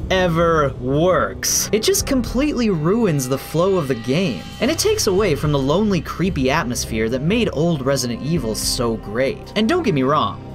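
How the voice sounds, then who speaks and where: Exasperated male guest reviewer. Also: mid-range voice. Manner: exasperated, emphatic. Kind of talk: comedic scripted game review.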